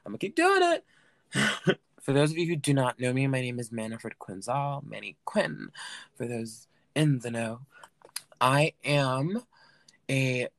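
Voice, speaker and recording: A man's voice: mid-range voice, dry recording. A man hosting a solo recap podcast in a camp, playful, rambling way, full of fillers and asides. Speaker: podcast host.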